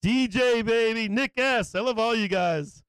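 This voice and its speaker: A man hosting a live stream, greeting viewers by name in an excited, casual way, swearing and getting emotional. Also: very high-pitched, a little slow, smooth, no room sound. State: emotional, close to tears. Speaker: livestream host.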